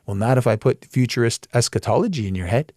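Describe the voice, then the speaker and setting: Male Bible teacher, mid-pitched, emphatic and plain-spoken, dry close sound. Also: fast, no echo. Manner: emphatic, plain-spoken, animated when making a point. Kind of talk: conversational Bible study teaching.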